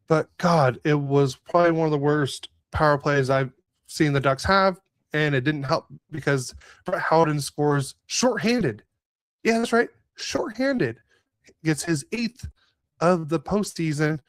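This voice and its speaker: A man's voice: fairly high pitch, no echo. A man co-hosting a casual sports podcast, recapping a hockey game with a rambling, rueful manner, lots of fillers and restarts. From Southern California. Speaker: podcast co-host.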